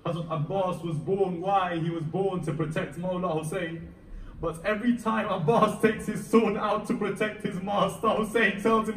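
A man's voice: high-pitched, fairly even intonation, normal speed, a little hiss or hum. Dramatic male preacher in an echoey hall. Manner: dramatic, rising and falling intensity. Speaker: Muharram lecturer. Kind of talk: emotional sermon storytelling. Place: mosque hall. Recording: echoey hall, recorded from far off, faint ambience.

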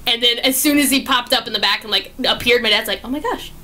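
A young woman talks through a movie review in a high, bright voice. She gushes and gets excited, often restarting her sentences as her thoughts run ahead of her words. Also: fast talker. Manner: gushing and excitable, with many restarts. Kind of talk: casual spoken movie review.

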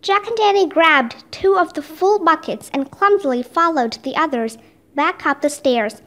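Expressive woman reading a children's book. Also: high voice, moderate pace. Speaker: storybook reader.

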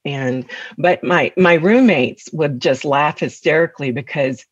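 Tennessee woman with husky voice. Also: deep voice, measured pace, dry recording, dull audio. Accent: Southern US, Tennessee. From West Tennessee, USA. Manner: frequent laughter, animated storytelling. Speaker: guest. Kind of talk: interview, personal storytelling.

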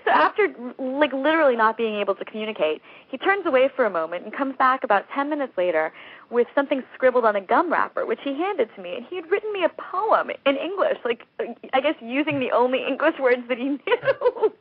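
A woman's voice: high-pitched, sing-song, a little fast, slightly rough, dry recording. Chatty woman novelist on a tinny phone line. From United States. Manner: chatty, laughs often, many fillers. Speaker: novelist guest. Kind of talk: interview over a phone line.

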